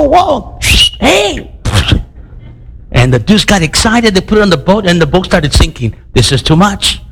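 A male preacher giving a sermon in a conversational, animated way, questioning his congregation and often restarting his sentences. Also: high-pitched, low-quality recording.

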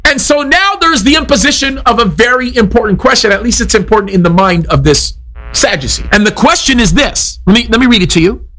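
Man, middle-aged pastor, sermon, emphatic, animated pitch. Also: fairly quick, low-quality recording. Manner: emphatic preaching, pitch swings up when quoting.

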